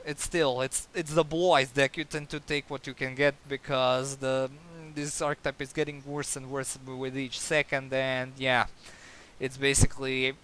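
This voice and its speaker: A man's voice: mid-range voice, pushed and bright, smooth. A man giving a casual card game review, sarcastic and exasperated, with many fillers and restarts.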